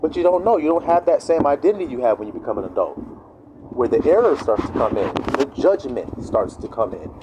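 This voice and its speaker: Male preacher, casual sermon, lively swooping delivery that jumps into quoted voices. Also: medium pitch, fairly quick, noisy background. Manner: animated, acts out quoted voices. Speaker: online preacher.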